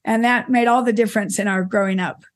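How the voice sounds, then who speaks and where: A middle-aged woman, an interview guest, fondly telling stories about her father, often restarting her sentences and laughing softly. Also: mid-range voice, steady tone, fast talker. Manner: warm reminiscing with frequent restarts and soft laughs. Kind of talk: conversational storytelling.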